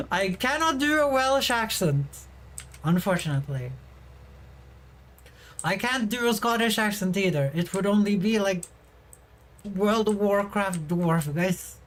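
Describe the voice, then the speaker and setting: A young woman in a casual livestream chat, talking straight to her viewers from a home streaming setup. She giggles often and answers messages with chatty, easygoing replies. Her voice sits at an ordinary middle pitch for a woman. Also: expressive, measured pace, pauses often, low-quality recording. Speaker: VTuber livestreamer.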